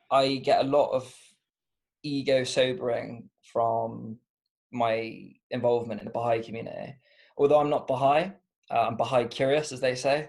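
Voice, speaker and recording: A man's voice: mid-range voice, vocal fry. A man with a Bristolian accent, a podcast guest talking through ideas casually, thoughtful and rambling, with many fillers and restarts. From Bristol, England. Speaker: podcast guest, comedian and author. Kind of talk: casual interview chat.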